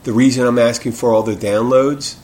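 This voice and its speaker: A man's voice: medium pitch, steady tone, a little fast, a little mellow. A man hosting his own podcast in a casual solo monologue, rambling and restarting his sentences, speaking frankly with the odd curse. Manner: rambling, self-interrupting, frank and profane. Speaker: podcast host.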